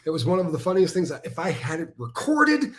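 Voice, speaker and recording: A man's voice: a little high, a little fast. Emphatic storytelling male co-host. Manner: animated storyteller, emphatic, mimics others. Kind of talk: casual livestream chat.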